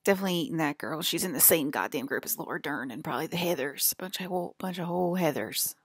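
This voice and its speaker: A woman's voice: low voice, expressive, fast, breathy edge, no room sound, clean studio sound. A woman talking in a casual, rambling monologue, full of "like" fillers and drifting from topic to topic. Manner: offhand, drifts between topics.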